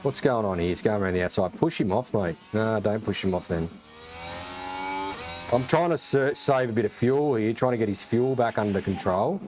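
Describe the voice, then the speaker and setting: A man's voice: on the low side, normal speed. Swearing Australian man streaming a racing game. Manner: excitable, swears often, calls everyone mate. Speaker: gaming streamer. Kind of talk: casual live game commentary. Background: game music and engine sounds.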